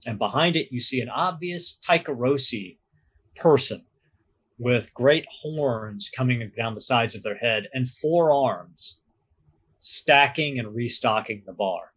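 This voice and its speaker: A man narrating a tabletop game as game master, describing scenes in a measured storytelling manner. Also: medium pitch, expressive, a bit bright, slightly rough.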